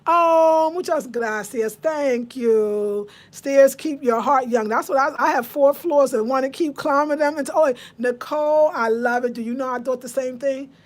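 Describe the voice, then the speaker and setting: A woman in her fifties with a way of speaking, hosting a casual live chat. Her voice sits a little high. She talks to her viewers and answers their comments. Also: a little slow, hardly any pauses. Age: 50s. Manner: chatty, reads out viewer comments. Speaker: livestream host.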